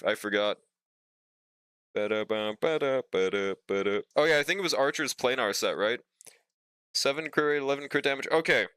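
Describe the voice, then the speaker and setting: A young man chats with his live-stream viewers in a loose, joking way, swearing now and then. His voice is bright and crisp. The desk mic gives a dry, close sound. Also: mid-range voice, no room sound. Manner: laid-back, joking, talks to chat, swears casually. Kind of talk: casual live-stream chat.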